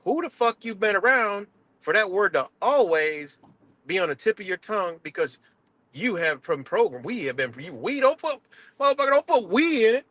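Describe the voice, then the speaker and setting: A man's voice: high voice, big pitch swings, normal speed, fairly bright tone, no room sound. A man on a live stream, ranting in a heated and confrontational way, swearing often and repeating himself. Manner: profane, confrontational, repetitive.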